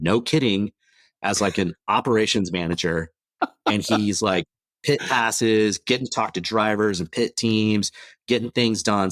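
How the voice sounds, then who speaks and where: A man who is a guest on a podcast, telling animated stories about veterans changing careers and acting out the dialogue. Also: fairly low pitch, no room sound. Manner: animated storyteller, acts out quoted dialogue. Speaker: podcast guest, veterans' transition program executive. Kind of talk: casual storytelling interview.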